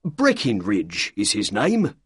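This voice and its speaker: A man's voice: fairly low pitch, wildly swooping pitch, takes it slowly, fairly bright tone, husky, no echo, clean studio sound, heavily acted. A man voicing a friendly male pub landlord who explains things affably in an audiobook reading. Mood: affable.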